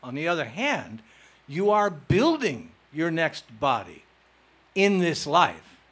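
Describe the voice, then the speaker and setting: A man's voice: on the high side, takes it slowly, slightly rough. A man giving a spiritual lecture and answering audience questions, playful and emphatic. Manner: animated, playful, teasing, emphatic.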